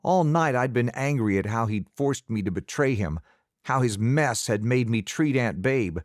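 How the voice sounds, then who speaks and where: A man narrating an audiobook in the first person, measured and expressive. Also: mid-range voice, no echo, clean studio sound.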